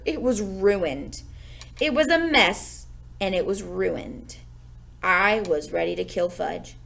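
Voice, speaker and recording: A woman teacher reading a children's chapter book aloud to her class, lively and expressive. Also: medium pitch, measured pace, vocal fry. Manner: expressive, gives characters lively raised voices.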